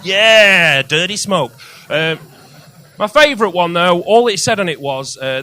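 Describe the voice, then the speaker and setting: A male comedian doing a crude stand-up set on a comedy club stage, with loud outbursts on the punchlines. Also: sits high, animated, a little slow, a little hiss or hum.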